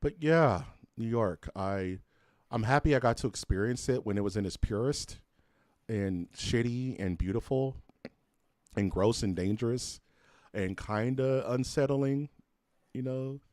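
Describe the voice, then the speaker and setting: A man's voice: mid-range voice, unhurried, a little mellow, no room sound, clean studio sound. A man co-hosting a podcast, telling loose, profane stories in casual chat. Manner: loose storytelling, swears freely, puts on voices for quotes. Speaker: podcast co-host.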